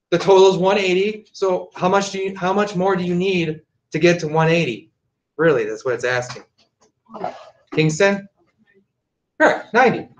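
A male math teacher speaking loudly through a mask, firm and drilling his class. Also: high voice, recorded from a distance. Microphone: masked, mic at a distance. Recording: echoey classroom.

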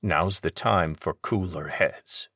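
A man voicing a calm, gravelly male general who speaks slowly and steadily in an audiobook. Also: sits low, dry recording, studio quality, exaggerated voice. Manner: calm and measured.

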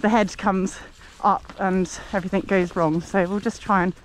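A woman's voice: medium pitch, fairly even intonation, normal speed. A woman with an easy, chatty manner, talking casually while riding a horse in the countryside and coaxing it along. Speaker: equestrian vlogger. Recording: loud outdoor noise, hoofbeats.

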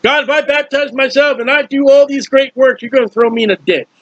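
A man preaching a verse-by-verse Bible teaching, animated and questioning his listeners. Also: extremely high pitch, a little fast, no echo. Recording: dull lo-fi dry recording.

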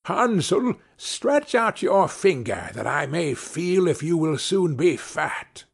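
A greedy, mocking old witch from a children's storybook, voiced by a man in a high, drawn-out croon. The voice sounds husky. It has a lively, swooping lilt. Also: heavily acted. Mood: menacing.

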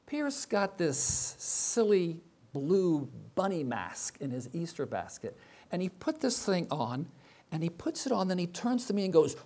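A man's voice: on the high side, big pitch swings, moderate pace, a little mellow. An older man, a professor, giving a reflective sermon full of rhetorical questions. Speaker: professor and chapel speaker.

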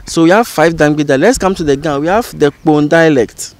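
A man teaching an informal lesson as a channel host, explaining slowly and repeating example phrases. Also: a little high, darkish tone, no room sound. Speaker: language educator and channel host.

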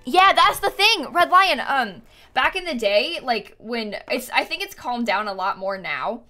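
Woman streamer, bright tone, slightly high voice, giggly casual chatter. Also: big pitch swings, measured pace, soft background music. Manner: giggly, chatty, thanks viewers often. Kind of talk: casual live-stream chat while gaming.

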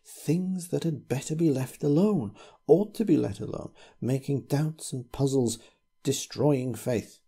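Guy putting on a shaky scared old vicar, husky and hushed, dark mellow tone. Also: measured pace. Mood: agitated. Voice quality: quavering. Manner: hushed whispering turning to shrill outbursts. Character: frightened old male vicar, feverish and furtive.

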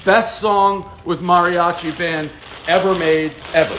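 A man's voice: sits high, measured pace, fairly bright tone, slight background noise. A man giving profane, jittery running commentary as he unboxes packages on a casual livestream. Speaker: host unboxing fan mail.

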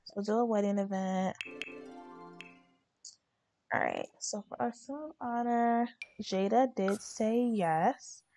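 A woman's voice: mid-range voice, slow, pauses often, warm tone, faint music behind. A young woman hosting a let's play, narrating her game in a chatty, slangy way. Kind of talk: casual game commentary.

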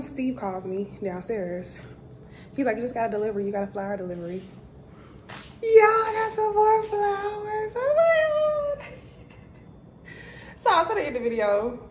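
A woman vlogger chatting casually to camera, animated and talkative. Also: fairly high pitch, roomy sound, slight background noise. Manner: chatty, animated, addresses viewers as y'all. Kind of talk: casual vlog chat to camera.

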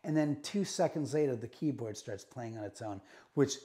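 This is a middle-aged man of medium pitch and moderate pace, showing guests around a room in his home. His casual ghost stories are told with animation, and he performs the quoted lines as he goes.

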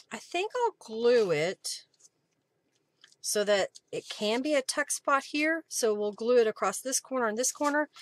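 This woman's voice sits a little high and sounds a bit bright, with no room sound at all. She's a craft journaling host on a live crafting stream, chatting casually, thinking aloud as she works, and thanking her viewers.

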